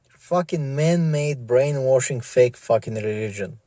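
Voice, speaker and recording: A man's voice: mid-range voice, measured pace, dark tone, no room sound. A middle-aged man ranting in a vlog, stammering, swearing and repeating himself. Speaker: vlogger. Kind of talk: profane ranting monologue.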